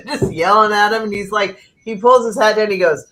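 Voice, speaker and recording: A woman's voice: mid-range voice, moderate pace, a bit bright, rough recording. A woman hosting a casual livestream chat over a video call. She laughs often while she tells stories. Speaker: host.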